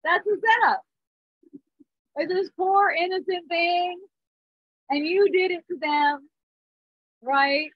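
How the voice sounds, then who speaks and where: A woman's voice: extremely high pitch, slow pace, long pauses, dry recording, muffled recording. A woman in her thirties giving a spiritual talk, earnest, with small restarts and frequent check-ins. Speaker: spiritual teacher. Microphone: phone or device mic.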